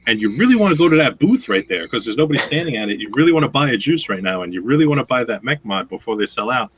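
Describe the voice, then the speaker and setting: A man in casual chat as a guest, telling stories in a profane, animated way. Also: mid-range voice, very fast, a little hiss or hum, rough recording. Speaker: guest streamer.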